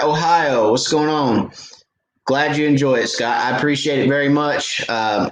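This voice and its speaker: Laid-back man in an echoey room. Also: mid-range voice. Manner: laid-back, chatty, frequent "uh" fillers. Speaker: fishing channel host. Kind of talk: live stream Q&A chat. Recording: echoey room, faint background noise.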